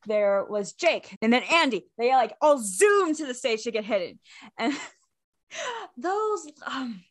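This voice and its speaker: A young woman co-hosting a fan podcast, telling animated stories in casual chat and laughing often. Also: sits high, takes it slowly, dry recording, clean studio sound. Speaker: podcast co-host.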